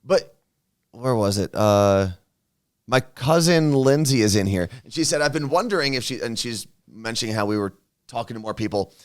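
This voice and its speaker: A man co-hosting a casual talk show, chatting in relaxed, rambling thoughts. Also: medium pitch, moderate pace, clear, resonant tone. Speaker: radio and podcast co-host. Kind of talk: casual chat. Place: studio.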